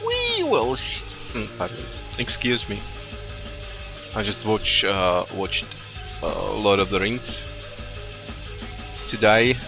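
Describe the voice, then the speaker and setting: A man with a deep voice talks slowly and casually on a live coding stream. English is not his first language, and he stops often to restart with fillers. Faint music plays behind him. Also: fairly even intonation, gravelly. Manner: hesitant, many restarts and fillers. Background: faint music playing.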